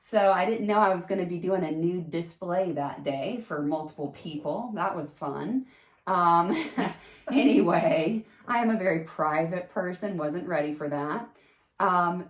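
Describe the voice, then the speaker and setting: Animated woman telling a story. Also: roomy sound. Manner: animated, jumps into high pitch acting out quotes. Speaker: podcast host telling a personal story. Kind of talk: casual storytelling.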